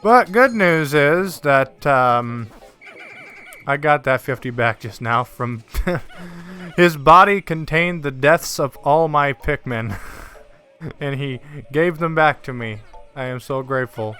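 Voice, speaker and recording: A man casually commenting on his gameplay during a livestream. He is excitable, swears freely and is often sarcastic. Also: medium pitch, takes it slowly, soft background music. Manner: excitable, whoops and yells at wins. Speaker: gaming livestreamer.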